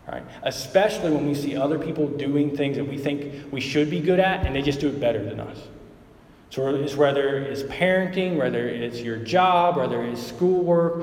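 A man's voice: mid-range voice, darkish tone, a little hiss or hum. A man preaching a sermon as pastor, in a loose conversational way with many fillers and asides to the listeners. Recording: echoey hall, mic at a distance.

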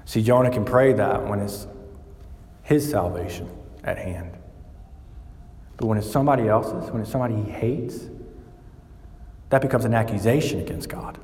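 Guy preaching a sermon, gets all fired up and loud, big echoey hall. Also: moderate pace, long pauses. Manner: animated, rising in pitch and volume when building a point. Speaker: pastor. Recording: echoey church hall with long reverb.

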